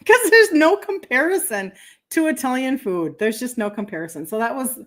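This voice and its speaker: A woman's voice: sits high, lively intonation, moderate pace, a bit bright. A woman in her fifties, a health coach hosting a livestream, telling a chatty story in a casual way and breaking off to thank viewers. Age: 50s.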